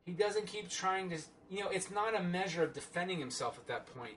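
A man's voice: high-pitched, expressive, brisk, fairly bright tone. A man giving a casual, rambling and sarcastic film review, full of fillers and restarts.

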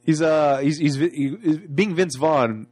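A man's voice: a little high, takes it slowly, darkish tone, dry recording. A man co-hosting a casual movie chat, recapping the plot and free-associating with laughs. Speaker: podcast co-host.

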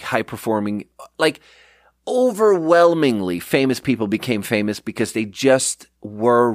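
Male solo podcast host, mid-pitched, dry close sound; digressive and self-mocking, acts out his anecdotes. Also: no echo. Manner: rambling, digressive, self-deprecating; animated storyteller who acts out quotes. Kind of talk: casual solo monologue.

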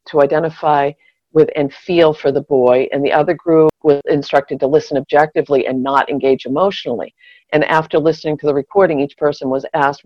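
A woman's voice: sits low, dry recording, dull audio. A woman co-hosting a casual chat, thinking aloud in a reflective, wry, digressive way. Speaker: podcast co-host.

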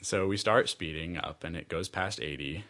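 American man, low voice, storyteller, rambling, laughs a lot, restarts sentences. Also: normal speed. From United States. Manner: rambling, animated, laughs often, restarts phrases. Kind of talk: personal story told aloud.

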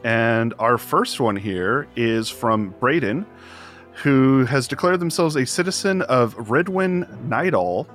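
A man's voice: mid-range voice, lively intonation, takes it slowly, a bit bright, faint music behind. A man hosting a tabletop game podcast who chats casually with his group, laughs easily and reads out listener emails.

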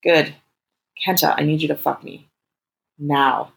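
A woman's voice: low voice, fairly even intonation, unhurried, vocal fry. A woman voicing an impatient, eager lover who pleads and talks back defiantly. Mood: pleading.

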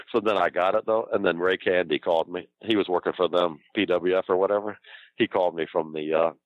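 In a casual chat, an older man tells rambling, profane stories from his wrestling career and laughs often. His voice is low, steady, and quick, on a dull, lo-fi, dry recording with no echo.

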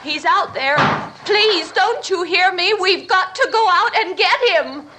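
A woman's voice: extremely high pitch, expressive, unhurried. An actress playing a young woman in shock, drifting through a memory and breaking into crying screams. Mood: hysterical. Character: dazed young woman in shock, then hysterical. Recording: noisy old film soundtrack.

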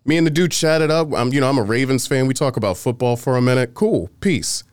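A man's voice: mid-range voice, brisk, smooth, no room sound, studio quality. A man casually telling a story on a podcast, acting out what others said and swearing freely. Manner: animated, acts out quoted exchanges, swears freely.

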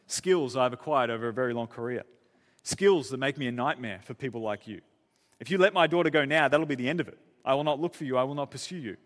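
A man doing a quietly menacing vengeful father. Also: on the high side, close to an everyday voice. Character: menacing father threatening kidnappers. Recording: long church-hall reverb.

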